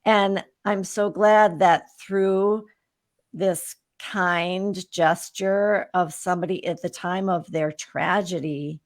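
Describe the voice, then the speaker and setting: A woman's voice: lowish voice, takes it slowly. A woman in her fifties, a guest on an interview show, telling her own story candidly and with animation. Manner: animated, candid storyteller who acts out remembered exchanges.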